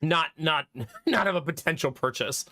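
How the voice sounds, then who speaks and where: A man streaming live, chatting casually with his viewers, animated and laughing often, with some swearing. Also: fairly high pitch, moderate pace, no room sound, studio quality.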